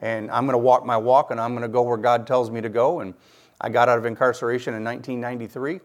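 A man's voice: mid-range voice, level tone, fast talker. Middle-aged man from Michigan, guest sharing a faith testimony, earnest storyteller, mid-range voice. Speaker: guest giving his testimony.

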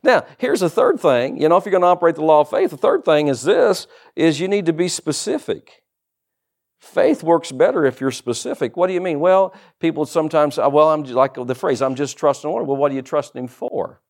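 A man's voice: fairly high pitch, lively intonation, brisk, darkish tone. A middle-aged man preaching a sermon as pastor, with humorous asides and rhetorical questions.

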